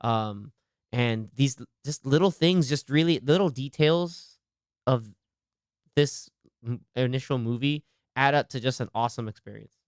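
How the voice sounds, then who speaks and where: A young man hosting a casual movie podcast, excitedly retelling scenes and acting out the lines. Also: mid-range voice, a little slow, clear, resonant tone, no room sound, studio quality. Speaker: podcast host.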